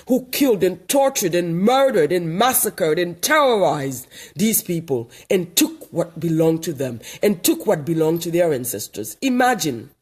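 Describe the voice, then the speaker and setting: A man from Haiti holds forth in a backyard monologue. His voice sits high, and he hammers points home through repetition, like a street preacher. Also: darkish tone, slightly rough. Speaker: online commentator. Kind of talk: outdoor monologue. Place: backyard outdoors.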